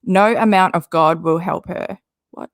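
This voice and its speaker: A woman's voice: lowish voice, unhurried, no room sound, clean studio sound. A woman doing casual commentary, reading social media posts aloud with an exasperated, rambling manner and frequent swearing. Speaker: commentary YouTuber.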